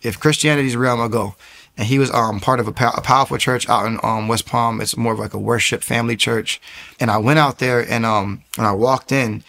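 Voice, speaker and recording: A man giving a personal faith testimony, telling his story in an animated way, acting out the voices and using many fillers and restarts. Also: medium pitch, brisk, vocal fry.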